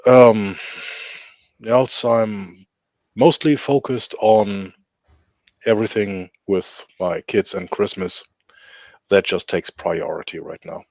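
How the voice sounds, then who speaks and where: A man in his thirties chatting as a podcast guest, relaxed and a bit hesitant. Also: on the low side, slow, pauses often, no room sound. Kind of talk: casual chat.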